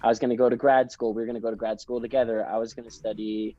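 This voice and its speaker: A man's voice: medium pitch, level tone, rapid-fire, dark tone, no echo. Chatty young man, dry lo-fi audio. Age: young adult. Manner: chatty, enthusiastic storyteller. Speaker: podcast guest. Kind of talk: casual storytelling interview.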